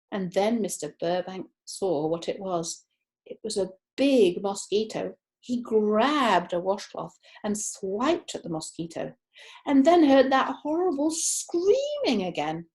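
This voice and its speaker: A woman narrating a children's book, expressive and stretching words for effect. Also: medium pitch. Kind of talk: children's audiobook reading.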